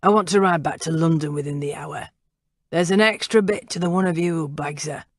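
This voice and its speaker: Woman doing a gravelly hired killer. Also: a little high, a little fast, dry recording, clean studio sound. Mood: cold. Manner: cold, curt orders. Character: gravelly ruthless male hired killer leader.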